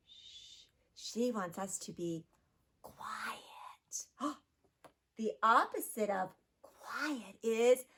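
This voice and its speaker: A woman teacher giving a phonics lesson to young children, sounding out words and gasping with excitement. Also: a little high.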